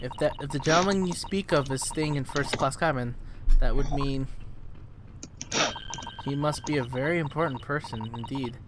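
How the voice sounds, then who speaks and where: A male streamer reading game dialogue aloud in a measured, polite tone while he plays. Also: mid-range voice, heavy background noise.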